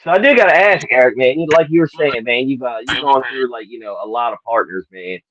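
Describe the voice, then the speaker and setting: A man with a Southern US accent asks questions in a loose, easygoing way, padding his talk with fillers and quick laughs. His voice sits at an ordinary pitch. The recording sounds dull and lo-fi. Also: fairly bright tone. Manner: laid-back, lots of fillers, laughs often. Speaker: interviewer. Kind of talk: casual interview chat. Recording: dull lo-fi audio.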